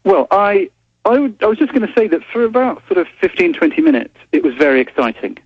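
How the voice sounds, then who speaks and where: A man's voice: high voice, lively intonation, fast, breathy edge, dry recording. An English man, a journalist calling in as a guest, speaking politely with many hesitant restarts. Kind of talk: phone-in interview. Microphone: telephone. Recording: dull phone line.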